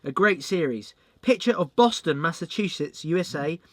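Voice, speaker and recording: A man's voice: on the high side, animated, moderate pace, a bit bright, dry recording. Upbeat man reading out viewer mail. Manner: chatty, reads letters aloud with thanks. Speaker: channel host.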